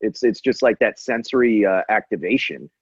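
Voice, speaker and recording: A man's voice: on the low side, normal speed, husky, dry recording, dull audio. A man co-hosting a comedy podcast, chatting casually with playful, rambling jabs. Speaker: podcast co-host.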